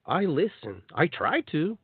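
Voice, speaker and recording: A man hosts a live spiritual talk show on the radio, his voice husky and rising and falling a lot. He jumps into playful voices to act out little scenes. The sound is narrow and phone-like, dry and close. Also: fairly high pitch, sing-song, unhurried, no echo. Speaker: host.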